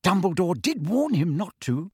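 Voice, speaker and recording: A man voicing a clever, anxious teenage schoolgirl witch in a raised, hushed, urgent voice in a storybook reading. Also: high voice, big pitch swings, normal speed, vocal fry, breathy edge, no room sound, studio quality, pitched above the performer's own voice, heavily acted.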